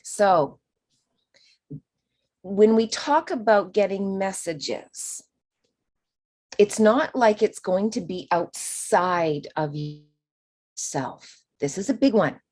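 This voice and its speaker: A woman teaching a spiritual course in a chatty, expressive way, acting out quoted voices and sometimes dropping to a whisper. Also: mid-range voice, very slow, pauses often.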